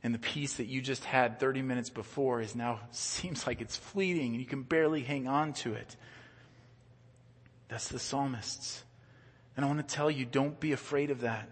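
Male pastor, conversational sermon delivery, repeats words, medium pitch, big reverberant sanctuary. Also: moderate pace, breathy edge. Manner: earnest, conversational preaching with frequent word repeats. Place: church sanctuary. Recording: long church reverb.

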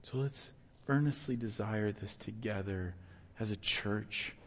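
A man preaching a sermon as pastor, telling personal stories in an earnest, animated way with bursts of loud emphasis. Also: fairly low pitch, a little slow, slightly rough. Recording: long hall reverb.

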